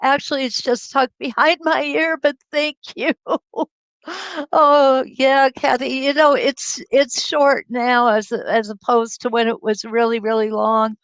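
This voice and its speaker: A woman's voice: high voice, level tone, a little slow, fairly bright tone, clear, resonant tone, dry recording, low-quality recording. A middle-aged woman hosting a live quilting stream, chatting and laughing as she greets viewers by name over a webcam mic. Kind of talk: casual livestream chat greeting viewers. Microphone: computer webcam mic.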